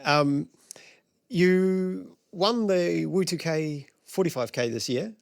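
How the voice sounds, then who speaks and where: A man's voice: fairly high pitch, slow pace, creaky, no room sound, clean studio sound. A man with a New Zealand accent hosting a live running podcast show, chatty and teasing. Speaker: podcast host.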